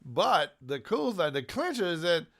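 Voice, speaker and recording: A man hosting a live stream, shouting greetings to viewers by name and telling folksy stories in a relaxed drawl. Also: high-pitched, measured pace, gravelly. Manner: folksy storytelling with drawled asides. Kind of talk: casual chat greeting viewers.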